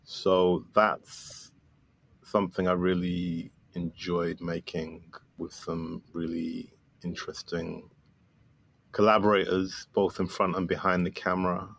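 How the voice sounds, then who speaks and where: A man's voice: low voice, level tone, takes it slowly, vocal fry, a bit bright, no room sound. A man guest on a podcast, talking casually and enthusiastically with many fillers about his film. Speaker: filmmaker guest.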